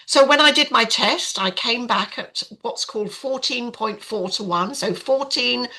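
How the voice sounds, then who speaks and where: A woman's voice: on the high side, a little slow, sharp tone, low-quality recording. An older woman telling her personal story as a podcast guest, in a frank, chatty way with many fillers. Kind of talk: casual storytelling.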